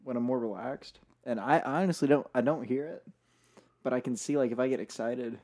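A man's voice: medium pitch, brisk, darkish tone. A young man hosting a podcast in casual chat, rambling with fillers and repeated words. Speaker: podcast host.

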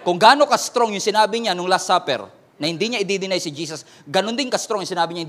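A man's voice: high-pitched, expressive, fast talker, a bit bright. A man with a Filipino accent preaching a sermon, mixing Tagalog and English and acting out quoted voices dramatically. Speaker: pastor.

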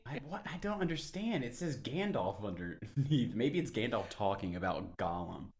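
A man's voice: mid-range voice, big pitch swings, normal speed. A man co-hosting a casual chat, enthusiastic and playful.

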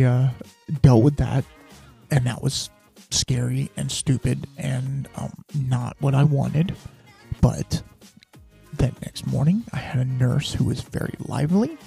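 A man's voice: medium pitch, slow, gravelly, dark tone, slightly rough, faint music behind. A man hosting a podcast, telling a personal story in a candid, rambling way and dropping to a whisper when he quotes his own thoughts. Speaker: podcast host.

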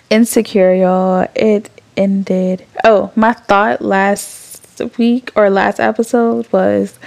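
Young adult woman podcast host; warm, raspy-fried voice, rambling and emotional. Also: medium pitch. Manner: candid and emotional, swears freely, rambling with fillers. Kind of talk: casual chat.

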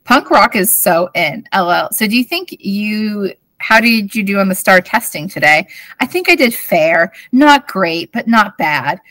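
A woman's voice: mid-range voice, expressive, a little slow, fairly bright tone, no echo. A woman in her thirties co-hosting a podcast, giggling as she reads old teen notes aloud in casual chat. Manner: giggly, bubbly, laughs between lines. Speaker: podcast co-host.

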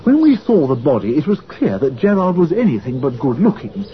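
An actor playing an earnest, eager gentleman sidekick who exclaims often. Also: on the high side, very animated, fairly quick, muffled recording.

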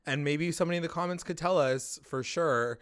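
A man's voice: on the high side, a little fast, fairly bright tone, clear, resonant tone. A man co-hosting a casual TV recap chat, swearing freely and acting out characters' lines. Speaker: podcast co-host.

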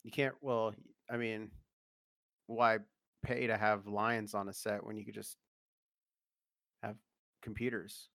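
A man co-hosting a podcast in casual chat, halting with fillers and laughing easily. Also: fairly low pitch, flat delivery, creaky, fairly bright tone, dry recording, clean studio sound. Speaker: podcast co-host.

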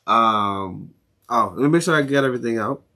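A man's voice: medium pitch, animated, normal speed, bright, forceful tone. A young man from Maryland hosting a casual solo podcast, ranting with lots of swearing, restarts and chuckles. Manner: profane, rambling rant with frequent laughs. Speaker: podcast host.

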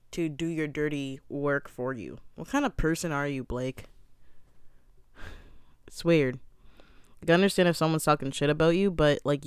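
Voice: medium pitch, clear, resonant tone, no room sound, clean studio sound. A young adult giving a casual, opinionated recap of a reality show, talking bluntly and swearing freely.

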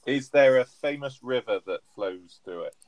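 A man's voice: medium pitch, lively intonation, moderate pace, darkish tone, no room sound. A man co-hosting a podcast, easygoing, who often corrects himself mid-sentence. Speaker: podcast co-host. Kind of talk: casual chat.

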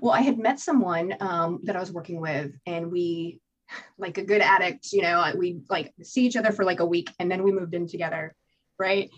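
A woman guest telling her own recovery story in an interview, candid and animated, swearing freely and acting out what she told herself. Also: lowish voice, moderate pace, highs cut off. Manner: candid, animated storytelling with profanity and acted-out inner voices. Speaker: podcast guest.

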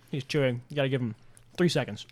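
A man's voice: mid-range voice, a little fast, darkish tone. A young man co-hosting a casual podcast, joking crudely and swearing constantly. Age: young adult. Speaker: podcast co-host. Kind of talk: casual chat.

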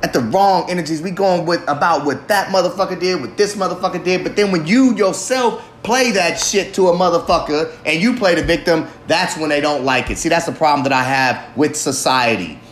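High-voiced man ranting in a roomy space. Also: fairly quick, few pauses, fairly bright tone, a little hiss or hum. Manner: heavily profane, ranting, emphatic. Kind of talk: impassioned monologue. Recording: roomy echo.

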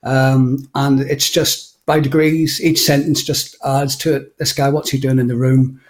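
Man with a flat, even delivery. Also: mid-range voice, a little slow. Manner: enthusiastic with restarts. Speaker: panel guest. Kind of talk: casual chat.

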